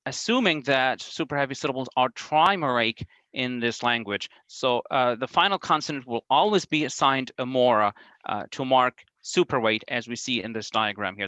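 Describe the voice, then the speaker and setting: A man giving a conference talk on linguistics, careful and measured, with frequent ums, uhs and restarts. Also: medium pitch, sharp tone, no echo, low-quality recording. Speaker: academic presenter.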